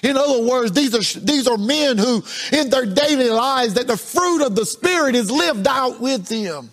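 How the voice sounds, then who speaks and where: High-voiced man preaching a sermon. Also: expressive, normal speed. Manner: preaching with a sing-song cadence, dropping low and soft at phrase ends; repeats words as he builds a point. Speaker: pastor.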